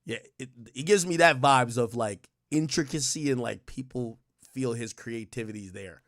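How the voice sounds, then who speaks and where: A man giving casual, animated commentary on a stream, laughing often and mocking fans in exaggerated voices. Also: medium pitch, normal speed, no echo, studio quality. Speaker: stream co-host. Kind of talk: casual commentary on music and rappers.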